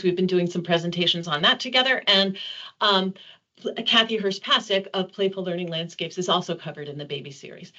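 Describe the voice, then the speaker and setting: A woman's voice: mid-range voice, bright, forceful tone. A woman professor giving an enthusiastic webinar lecture, with frequent ums and restarts. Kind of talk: presentation lecture. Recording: slightly dull lo-fi webinar audio.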